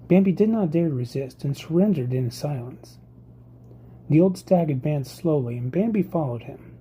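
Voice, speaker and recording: A reader narrating a classic novel chapter as an audiobook, with a steady storytelling delivery. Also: mid-range voice, moderate pace, husky, lo-fi sound. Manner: steady storytelling read, occasional slips. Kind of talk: scripted narration.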